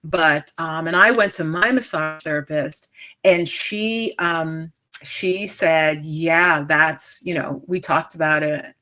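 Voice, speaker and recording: Woman, middle-aged, US, wellness coach live-streaming; lowish voice, emphatic and conversational. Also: slow pace, sharp tone. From United States. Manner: chatty and emphatic, frequent asides and restarts. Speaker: stress coach and yoga teacher.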